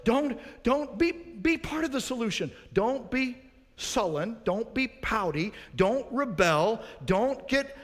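A man's voice: very high voice, lively intonation, slow pace, long reverb tail. A man preaching a sermon as pastor, earnest, putting rhetorical questions to his congregation.

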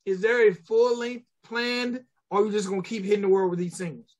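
A man's voice: high-pitched, brisk. A middle-aged man hosting a casual podcast chat, telling stories animatedly and acting out quotes. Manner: animated storyteller, acts out quotes, swears. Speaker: podcast host.

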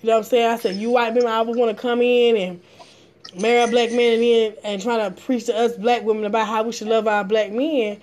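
A woman, a driver telling blunt, animated stories in casual chat, acting out both sides. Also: a little high, a little fast. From Atlanta, Georgia area. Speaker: rideshare driver sharing stories.

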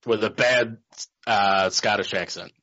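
A man co-hosting a casual horror news livestream, rambling through animated stories. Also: lowish voice, a little slow. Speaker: podcast co-host. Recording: lo-fi livestream audio.

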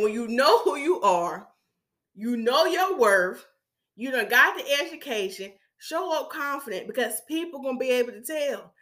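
Woman, podcast host, hair stylist, storytelling, animated, higher voice. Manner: animated, plays out quoted voices of clients.

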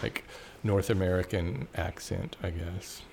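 Low-voiced Canadian man hosting. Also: a little slow, vocal fry, darkish tone. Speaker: podcast host. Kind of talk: casual interview chat.

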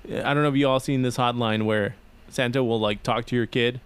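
A man co-hosting a podcast who talks haltingly in casual chat, with many restarts. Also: medium pitch, fairly even intonation, clear, resonant tone. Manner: hesitant, halting with fillers. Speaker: podcast co-host.

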